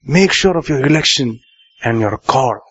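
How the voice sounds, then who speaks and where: A man's voice: mid-range voice, expressive, normal speed, fairly bright tone, husky. A male pastor, preaching a sermon and questioning the congregation, repeating key lines for emphasis. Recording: muffled live sermon recording.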